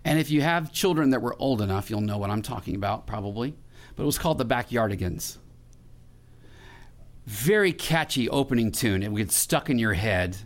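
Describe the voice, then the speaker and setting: A man's voice: mid-range voice, expressive, brisk. A middle-aged male pastor preaching a sermon in a conversational way, with restarts and questions put to the congregation.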